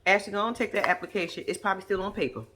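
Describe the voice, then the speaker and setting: A woman's voice: rapid-fire, a little hiss or hum. A woman giving blunt, sassy, profane running commentary as a recap vlog host. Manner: lively, swoops high for asides.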